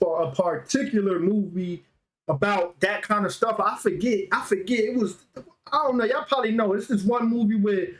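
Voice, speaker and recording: High-voiced animated storytelling man. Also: rough recording. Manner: animated storytelling, frequent throat clearing. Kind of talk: casual chat.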